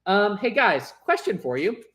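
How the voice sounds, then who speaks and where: A man's voice: sits high, very animated, measured pace, fairly bright tone, slight background noise. A man chatting casually with viewers as host of a live stream, rambling and laughing easily.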